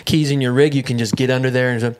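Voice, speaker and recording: A young man telling a comedic story in a casual, profane, animated way, laughing often. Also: mid-range voice, quick pace, a little hiss or hum.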